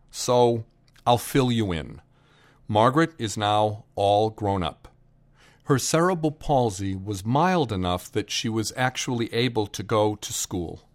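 A man telling a personal family story to listeners, unhurried, pausing for effect, and raising his voice for quoted shouts. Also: lowish voice. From Boston area.

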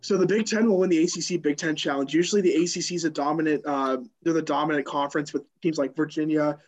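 Man, slightly high voice, quick teasing sports chat. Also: fairly even intonation, low-quality recording. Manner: quick, teasing, restarts lines. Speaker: sports podcast co-host. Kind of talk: casual sports banter.

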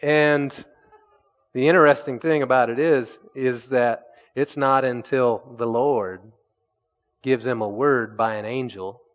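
A man preaching a sermon in an animated way, acting out the quoted voices with sudden loud, high jumps. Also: slow, big-room sound. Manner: animated, acts out quoted voices with big jumps in pitch and volume.

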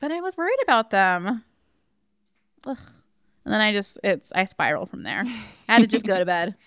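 Giggly, swearing woman co-host, smooth voice. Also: mid-range voice, big pitch swings, normal speed, a bit bright, no room sound, clean studio sound. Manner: laughing, chatty, swears freely. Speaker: podcast co-host. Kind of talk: casual chat.

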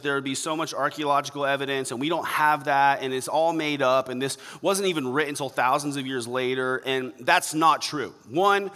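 A man's voice: fairly high pitch, sharp tone, in a large hall. A man preaching a sermon as pastor, blunt and emphatic, with rhetorical asides.

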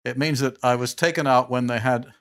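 An older man spins stories for an interviewer, breaking into chuckles and backing up mid-sentence to restart. His voice sits in an ordinary middle pitch for a man, and he talks casually. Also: a little fast. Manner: animated, chuckling storyteller who trails off and restarts. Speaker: guest. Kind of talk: anecdotal storytelling in a casual interview.

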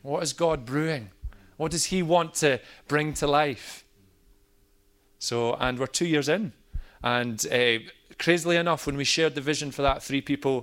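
A man, a pastor, sharing a personal testimony in a storytelling manner. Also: medium pitch. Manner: storytelling, animated in quoted moments.

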